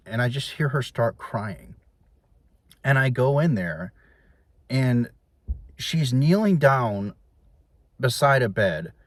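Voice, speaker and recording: A young man chats to his viewers in a rambling, casual way, restarting sentences as he goes. His voice sits on the low side and sounds close and dry. When he quotes people he jumps up into a higher voice. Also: no room sound. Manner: rambling, frequent restarts and fillers; quotes others in raised voices. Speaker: YouTuber telling personal stories. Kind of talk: casual storytelling to camera.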